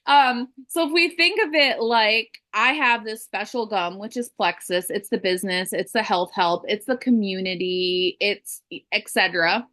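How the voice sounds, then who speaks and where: A woman leading a book club discussion in casual chat, animated and acting out quoted voices. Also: mid-range voice, measured pace. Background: children crying in background.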